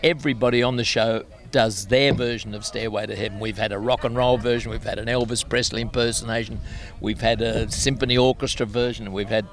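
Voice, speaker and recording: Older Australian guest, chatty storyteller, self-mocking, medium pitch. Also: male voice, fairly even intonation, brisk, few pauses. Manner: chatty anecdotal, laughs at himself. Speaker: guest musician. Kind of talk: casual interview storytelling.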